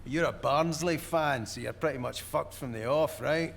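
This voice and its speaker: An actor playing a gruff, hot-tempered Scottish electrician on an oil rig in a video game, with a gravelly, sweary way of talking. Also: male voice, a little high, moderate pace, slight background noise. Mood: wry. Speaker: game character.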